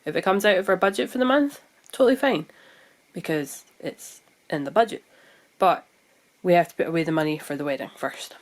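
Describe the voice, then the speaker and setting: A Scottish woman talks through her room in a relaxed, rambling vlog, thinking out loud as she goes. Her voice sits a little low for a woman, and she chats casually to the camera. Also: fairly quick. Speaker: vlogger. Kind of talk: casual chat. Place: room at home.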